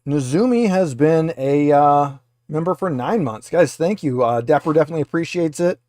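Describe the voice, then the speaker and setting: A man's voice: fairly high pitch, animated, normal speed, darkish tone, dry recording, studio quality. A man running a tabletop game as game master, talking in a rambling way with many filler uhs. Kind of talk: narrating a tabletop game over a video call.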